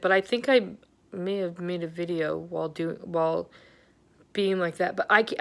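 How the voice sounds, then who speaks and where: A woman's voice: medium pitch, smooth. A middle-aged woman giving a candid, rambling health update on her vlog, venting with lots of fillers. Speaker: vlogger.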